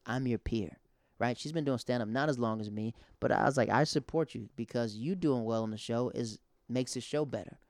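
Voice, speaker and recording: A man's voice: medium pitch, brisk, a little mellow, no echo. Young male comic host, loose rambling monologue, dry close mic. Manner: rambling, conversational, filler-heavy. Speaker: podcast host and stand-up comic. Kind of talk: casual monologue.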